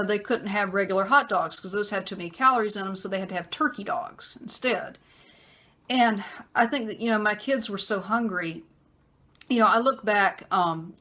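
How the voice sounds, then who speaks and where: A woman telling a personal story in a conversational vlog, with many fillers and pauses. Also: mid-range voice, pushed and bright. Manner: acts out a harsh man's voice in quotes. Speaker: vlogger.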